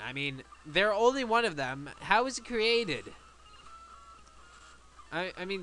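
Excitable high-voiced young gamer guy. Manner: excitable, shouts and pleads at the game. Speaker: let's play gamer. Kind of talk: casual game commentary.

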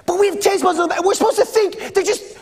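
A man's voice: very high voice, brisk, a little mellow, long reverb tail. A man preaching a sermon to a youth group, playful and joking as he acts out sounds. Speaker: pastor. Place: church sanctuary.

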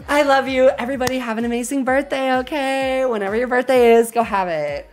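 High-voiced gushing woman streamer. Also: brisk, few pauses, over music. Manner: gushing, rambling, energetic. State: slightly croaky. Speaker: livestreamer. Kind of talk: casual stream sign-off chat.

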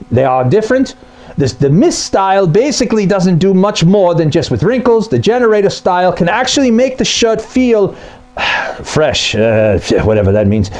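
A man's voice: sits high, a little mellow. A man who repairs appliances, explaining a topic to camera in a blunt, conversational way. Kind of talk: explainer video.

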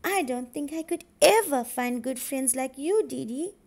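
A woman voicing a sad, gentle young male duck in a storybook reading, speaking softly and wistfully. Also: high-pitched, lively intonation, a little slow, creaky, exaggerated voice.

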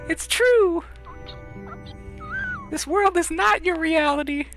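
A woman's voice: very high-pitched, slow pace, over music, pitched above the performer's own voice, heavily acted, low-quality recording. A woman voicing a small, loyal male dream spirit as she reads game dialogue aloud. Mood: insistent.

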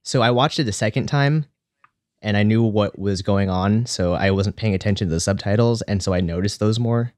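A man co-hosting a casual podcast chat, reviewing an episode in a thoughtful, halting way with repeated words. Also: fairly low pitch, a little mellow, dry recording, clean studio sound. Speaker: podcast co-host.

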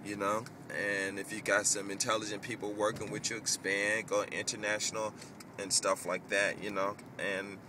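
A man's voice: fairly low pitch, normal speed, background noise. A man ranting casually in a vlog, rambling and cursing as he tells stories. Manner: profane, rambling, animated storytelling. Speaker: vlogger. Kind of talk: casual rant.

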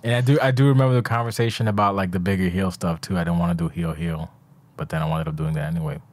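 A man's voice: deep voice, fairly even intonation, quick pace, darkish tone, no room sound. A man hosting a casual podcast chat, blunt and teasing, swearing freely. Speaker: podcast host.

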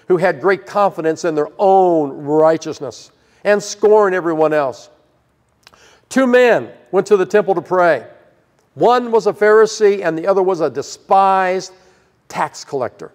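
An older man preaching a sermon as pastor, earnest and emphatic, with sudden rises in pitch for stress. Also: big-room sound.

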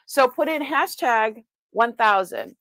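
A woman's voice: on the high side, lively intonation, slow pace, fairly bright tone, dry recording. A woman with a Boston accent hosting a casual live-stream sale, chatting and greeting viewers by name with frequent laughs.

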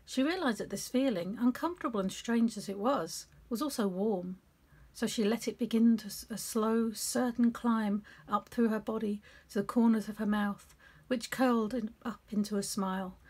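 A woman's voice: on the high side, normal speed, darkish tone, husky. A middle-aged woman reading aloud a story she wrote and breaking off for chatty asides, recorded in her home office.

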